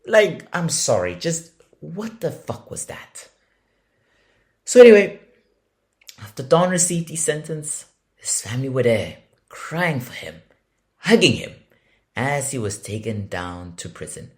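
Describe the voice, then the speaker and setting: Indignant, animated male true-crime podcaster. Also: medium pitch, a little slow, long pauses. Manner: indignant, emphatic, swears freely.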